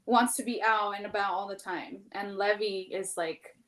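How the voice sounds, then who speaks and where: A woman's voice: mid-range voice, steady tone, moderate pace. A woman in her thirties chats openly on a podcast. Her mid-range voice wanders through long, candid stories, filled with "like" and a casual curse or two. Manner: candid, rambling, heavy use of "like", swears freely.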